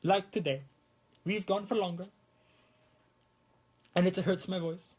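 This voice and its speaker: A man's voice: sits high, a little slow, a little mellow, slightly rough. A young man rambling on a casual prop-making livestream in a put-on Italian accent, talking through a swollen lip. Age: young adult. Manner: rambling, self-mocking, trails off mid-sentence.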